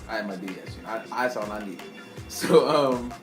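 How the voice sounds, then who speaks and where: A man's voice: on the low side, normal speed. A young man telling a casual storytime to his camera, rambling and laughing often, with slang. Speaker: vlogger. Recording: echoey room with faint music.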